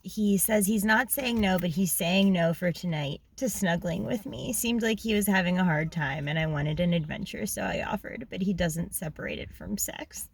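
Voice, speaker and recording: A woman's voice: fairly low pitch, husky. A young woman casually reading aloud from her old journal, frank and chatty, with many ums and small laughs.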